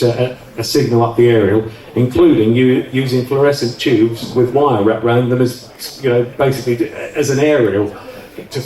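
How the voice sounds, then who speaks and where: A man with a dark-toned, mid-range voice, once an offshore radio DJ, casually recalls the past during an on-stage interview. He rambles, chats and restarts often, and the distant mic makes it sound roomy.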